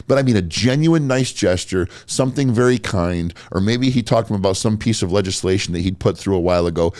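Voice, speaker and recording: A man with a very low voice hosts a podcast and tells stories bluntly, swearing freely. His nose is a little stuffy. The sound is dry and close to the mic. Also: darkish tone, no echo. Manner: blunt, profane storytelling. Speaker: podcast host. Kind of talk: casual podcast chat.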